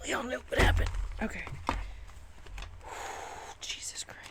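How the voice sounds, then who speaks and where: A woman's voice: takes it slowly, whispered. A woman chatting casually on a live stream while crafting in her home studio, exasperated and self-mocking, swearing freely.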